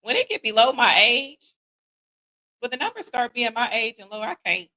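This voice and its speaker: A middle-aged woman hosts a casual livestream, reading out viewer comments. Her voice sits a bit high, and she talks in a lively, slangy, joking way. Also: normal speed. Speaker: podcast host.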